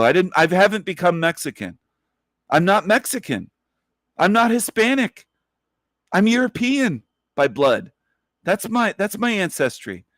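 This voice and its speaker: A man's voice: high-pitched, a bit bright, dry recording, studio quality. A man hosting a livestream who speaks in an emphatic, profane, repetitive rant. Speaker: livestream host.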